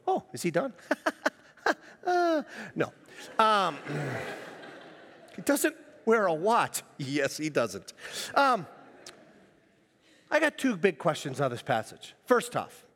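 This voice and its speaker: A man preaching with a high, lively voice that swings widely in pitch. He jokes and laughs as he teaches. The sound carries a long echo from a church hall. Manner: animated, jokey, laughs often. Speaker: pastor. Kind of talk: sermon.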